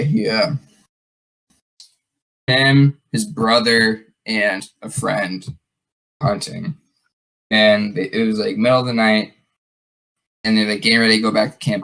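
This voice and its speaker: A man hosts a casual podcast and tells a story. He rambles along with plenty of fillers and restarts. His voice sits a little low. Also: fairly bright tone, poor audio. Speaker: podcast host.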